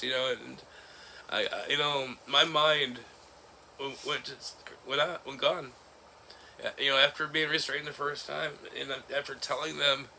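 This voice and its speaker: A man in his forties talking in a personal vlog, halting and emotional, breaking into nervous laughs. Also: a little high, vocal fry, sharp tone, a little hiss or hum. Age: 40s. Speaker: vlogger. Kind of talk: personal vlog recounting an ordeal.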